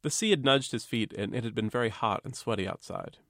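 Male author, understated literary reading, average pitch, dry sound. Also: fairly quick, a bit bright, dry recording. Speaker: author reading his novel.

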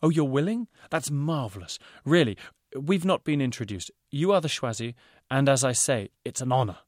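A man voicing a fussy male fashion designer who talks in rapid, pompous salesman's patter. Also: medium pitch, animated, a little mellow, no room sound, studio quality, pitched above the performer's own voice, lightly acted. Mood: courteous eager.

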